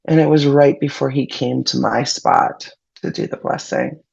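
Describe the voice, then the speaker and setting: A woman's voice: very deep voice, normal speed, vocal fry, a little mellow, husky, lo-fi sound. A woman guest on a podcast, candidly and emotionally retelling a personal ordeal in casual speech. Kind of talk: personal storytelling in conversation.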